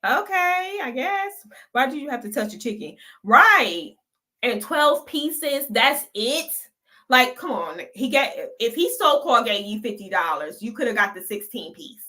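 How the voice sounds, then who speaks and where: A woman talking through videos in a loose, gossipy way, often breaking into laughter. Her voice is bright and sits a little high. It feels like casual chat to viewers. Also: lively intonation, normal speed. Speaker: reaction channel host. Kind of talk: casual reaction commentary.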